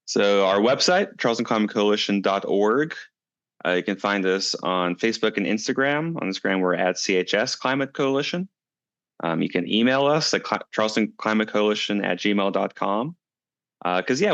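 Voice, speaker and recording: A man with a low voice answers interview questions in a calm, reflective way and tells a parable at an unhurried storyteller's pace. The recording is dry and a little dull, with no room sound. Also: dry recording. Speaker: guest, climate coalition director.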